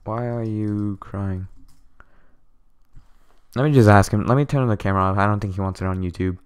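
A young man streams a game and talks through it in a fairly low, smooth voice, excited and stammering as he thanks his viewers again and again. His words tumble out in eager bursts, and keyboard clicks sit close to his mic. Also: moderate pace. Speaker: gaming streamer. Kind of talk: excited gameplay commentary.

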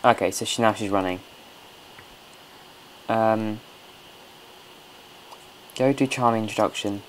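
A man with a lowish voice speaks slowly over a little hiss or hum. Hosting a casual let's play from home, he chats along while coaxing and scolding his game characters.

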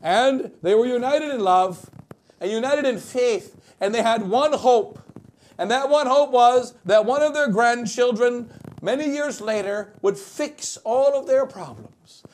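A bishop preaching a wedding sermon, swinging between loud emphatic lines and quiet asides. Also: male voice, very high-pitched, a little slow.

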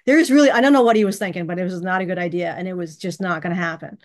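A woman's voice: on the low side, lively intonation, quick pace, few pauses, a little mellow. A woman hosting her own channel, telling a personal story in a chatty, casual way, laughing often and acting out the dialogue. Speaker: channel host. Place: bedroom.

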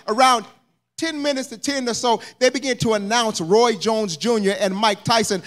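A man's voice: very high-pitched, moderate pace, a bit bright. A man preaching a sermon as pastor, telling a story that builds into fervent, rising preaching. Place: church sanctuary.

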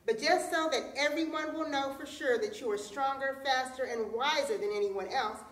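A woman voicing Anansi, a clever male trickster spider who flatters and persuades. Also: high voice, moderate pace, pitched above the performer's own voice, natural voice. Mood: persuasive. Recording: roomy echo, distant mic.

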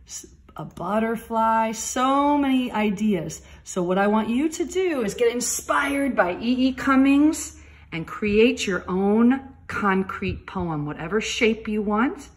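Woman, elementary school teacher, recorded lesson, soft and patient explainer. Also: medium pitch. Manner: gentle, slow and explaining, stresses key words.

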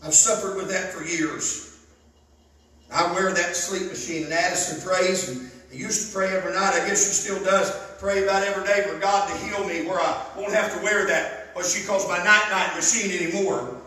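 A man preaching a sermon, telling stories fervently and bursting into loud emphasis. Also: sits high, steady tone, moderate pace. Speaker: pastor. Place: church sanctuary. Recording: echoey church hall, mic at a distance.

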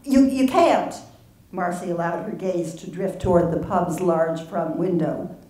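A woman author reading from her novel in a measured, steady way at a public reading hall. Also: fairly low pitch. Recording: roomy hall from far off.

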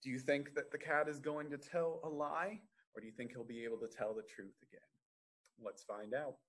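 A man reading a story aloud to children at a library storytime, gently asking the listeners questions. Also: medium pitch, brisk, breathy edge.

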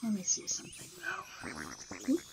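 Over heavy background noise, a woman streams a video game at a moderate pace, offering casual commentary. She chats to herself and scolds the creatures on screen.

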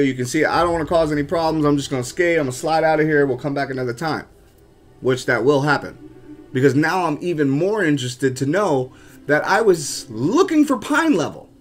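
A man with a slightly raised voice tells his story straight to camera in a loose, chatty way. He is animated and keeps turning to his viewers as "guys". Faint music sits under his talk. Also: on the high side. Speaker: vlogger and urban explorer.

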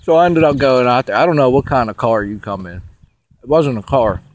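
A man's voice: medium pitch, expressive, a little fast, a little hiss or hum. A man telling a dream in a rambling, profane casual monologue, laughing often.

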